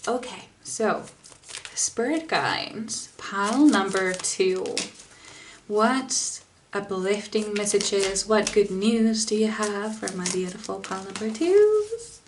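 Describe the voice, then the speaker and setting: A young woman giving a gentle, giggly tarot reading to camera, with lots of fillers and small laughs. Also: mid-range voice, expressive, slow pace, a little hiss or hum. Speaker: tarot reader.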